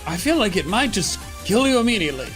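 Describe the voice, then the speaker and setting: Woman streamer yelling and muttering through a game, voice bouncing all over, medium pitch. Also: quick pace, faint music behind. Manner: excitable, swings from low mutters to high yelps. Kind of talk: casual gameplay commentary.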